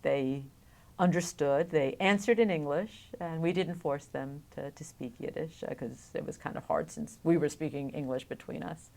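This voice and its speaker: Middle-aged woman, low voice, wry reflective storyteller, oral history interviewee. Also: fairly even intonation, moderate pace, creaky, a little mellow.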